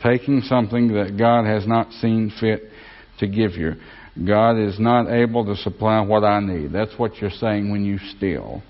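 Low-voiced man preaching a sermon. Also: fairly even intonation, measured pace, highs cut off. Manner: folksy, asks congregation for amens. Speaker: pastor.

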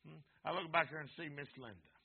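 Tinny-sounding preacher, high voice. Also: male voice, fast, creaky, husky. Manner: swings between loud cries and low, quiet asides, repeats phrases. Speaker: pastor. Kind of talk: sermon.

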